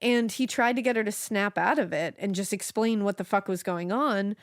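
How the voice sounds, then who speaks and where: A woman co-host telling a true-crime story in a loose, chatty way. She swears freely and acts out each quote as she goes. Her pitch sits mid-range, and the dry, close-mic sound has no room echo. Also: moderate pace. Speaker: podcast co-host telling the case.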